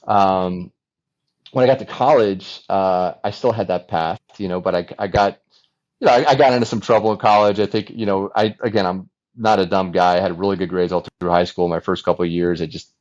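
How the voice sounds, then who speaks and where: A man in his forties, a former fighter pilot, telling his story as a podcast guest in an animated, chatty way with many restarts. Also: deep voice, brisk, muffled recording. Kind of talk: casual storytelling interview.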